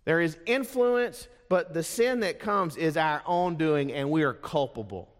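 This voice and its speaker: A man preaching a sermon as pastor, emphatic, with dramatic pauses on key words. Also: a little high, lively intonation. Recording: long reverb of a large hall.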